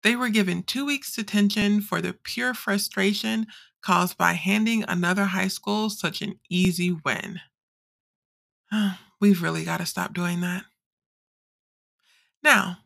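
An actress playing a quirky teenage girl who reads the morning school announcements in an audio drama, with a breezy, deadpan delivery. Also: mid-range voice, slow pace, gravelly, exaggerated voice. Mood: breezy announcing.

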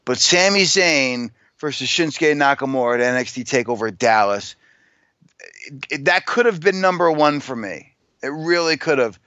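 A man's voice: medium pitch, expressive, normal speed, bright, forceful tone, no echo. A man co-hosting a casual podcast, wry and sarcastic, giving frank opinions. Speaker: podcast co-host. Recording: dull, dry lo-fi recording.

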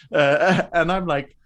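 A man chatting casually on a podcast, telling a story with frequent restarts and quick laughs. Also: on the high side, fairly bright tone. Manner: halting, many restarts, laughs often. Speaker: podcast guest. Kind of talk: casual chat.

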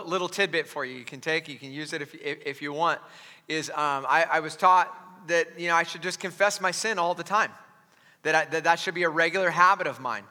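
A male pastor preaching a sermon in a high, very bright voice, chatty and self-mocking with plenty of restarts. The sound rings out with the long reverb of a large church hall. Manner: conversational, joking asides, frequent restarts.

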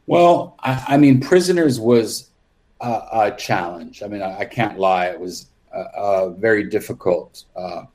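A makeup artist appears as a guest on an interview podcast, candidly recounting his film work in a rambling, casual way with frequent restarts. He speaks at a measured pace in a fairly low, darkish voice.

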